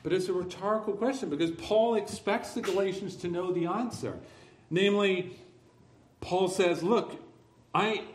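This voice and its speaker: A man preaching a sermon, emphatic and building to forceful declarations, with dry sarcastic asides. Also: sits high, normal speed, echoey room. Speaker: pastor.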